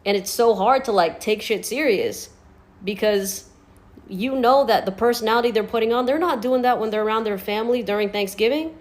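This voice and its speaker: A woman's voice: on the high side, fairly quick. Exasperated woman ranting on social media. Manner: blunt, exasperated, profane. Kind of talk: casual rant to camera.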